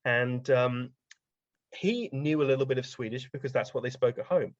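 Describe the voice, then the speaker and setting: A man tells casual stories as a podcast guest, rambling along and peppering his talk with ums. His voice sits at an ordinary middle pitch. The recording is dry and a little dull, with no room sound. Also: normal speed, dry recording. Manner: rambling, anecdotal, frequent ums. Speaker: guest science writer. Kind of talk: casual interview storytelling.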